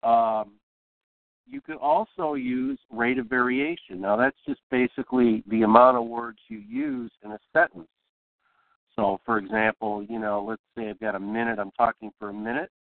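A man hosting a show, giving a casual broadcasting lesson in a relaxed, rambling way with lots of fillers. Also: medium pitch, normal speed, gravelly, no room sound. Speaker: podcast host teaching broadcasting. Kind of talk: casual instructional talk. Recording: tinny phone-like, dry.

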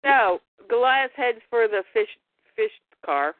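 A woman's voice: fairly high pitch, lively intonation, slow pace, no room sound. A woman casually retelling a cartoon story in a chatty way, laughing now and then. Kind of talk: casual plot recap. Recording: dry, tinny phone-like line.

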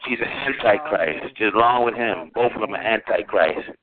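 A man's voice: on the low side, normal speed. A man on a chat line insisting in a preachy, repetitive way that the other caller is going to hell. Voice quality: preachy, insistent, repeats himself. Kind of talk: heated phone argument. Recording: tinny phone line with crowd noise.

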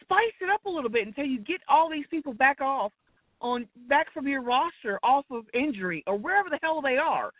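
A woman's voice: a little high, no echo. A woman, ranting casually about wrestling, irritated and profane. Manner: irritated, profane, rambling rant. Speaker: co-host. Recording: tinny phone-line audio.

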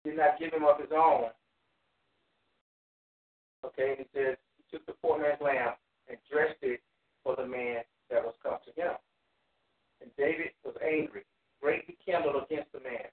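A man teaching a Bible study over a tinny, phone-like call line, his voice a little higher than most men's. He reads scripture in a slow, measured cadence, then breaks it down casually with fillers. The sound carries a roomy echo. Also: fairly even intonation, distant mic. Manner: reads verses in slow, measured King James phrasing, then explains plainly with fillers. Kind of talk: reading scripture aloud and explaining it.

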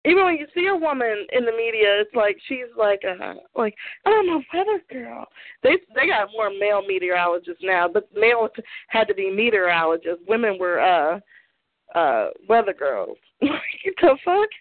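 A woman's voice: medium pitch, lively intonation, normal speed, no echo. A woman co-hosting a talk show, ranting her opinions bluntly, swearing freely and laughing often. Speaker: podcast co-host giving opinions. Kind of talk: casual opinion rant. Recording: tinny phone-like line, dry.

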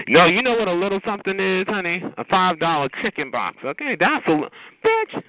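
A sassy man teases someone on a chat line, drawing out his words and tossing in "honey" and "child" as he goes. His pitch swoops wildly up and down. He comes through a thin, tinny phone line. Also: wildly swooping pitch. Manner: sassy, drawn-out teasing with frequent "honey" and "child". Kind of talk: casual chat roast.

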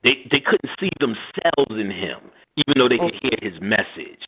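Husky middle-aged man telling stories by phone. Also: mid-range voice, big pitch swings, normal speed. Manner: profane, laughing, acts out quotes in voices. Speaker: radio show host. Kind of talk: casual storytelling chat. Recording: phone-line sound.

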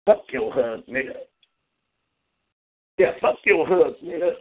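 A man's voice: a little high, lively intonation, slow, slightly rough. Brash, boastful man on a tinny line. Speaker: call-in show host. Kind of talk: solo call-in radio monologue. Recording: phone-like lo-fi call-in audio.

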